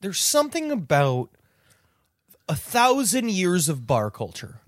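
A man's voice: sits high, huge pitch swings, unhurried, no room sound, studio quality. A man co-hosting a casual comedy chat, joking and self-deprecating. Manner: jokey, self-deprecating, bursts into put-on voices. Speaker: podcast co-host. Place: traveling abroad.

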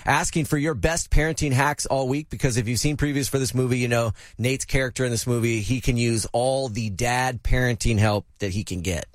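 A man's voice: mid-range voice, fairly even intonation, fairly quick, few pauses, dry recording, clean studio sound. Upbeat male morning radio host. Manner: joking, upbeat ad-reads. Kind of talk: casual morning radio banter.

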